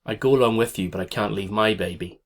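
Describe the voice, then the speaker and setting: A man reading an audiobook, voicing a kind woman neighbour who warns quietly and earnestly. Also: fairly low pitch, fast, close to an everyday voice. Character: kindly woman neighbour, calm and caring.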